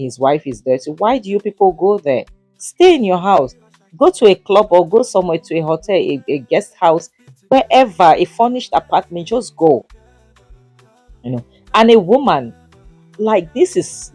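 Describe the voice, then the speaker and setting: A young woman with a low-sitting, slightly mellow voice, recorded dry, reviews a drama series. Her commentary is casual and indignant, stressing points and saying "you know" a lot.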